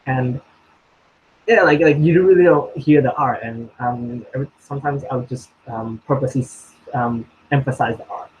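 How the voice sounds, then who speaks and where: A young man from Indonesia talks through questions in a relaxed chat. He pauses often, restarts his sentences and fills gaps with ums. A faint layer of noise sits under his voice. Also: medium pitch, highs cut off. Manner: hesitant, many ums and restarts, laughs often. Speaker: co-host answering questions. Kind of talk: casual conversational chat.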